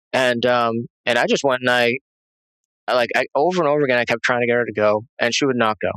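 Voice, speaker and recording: A man giving a halting, rambling personal testimony as an interview guest, full of fillers and restarts. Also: medium pitch, steady tone, fairly bright tone, dry recording, low-quality recording.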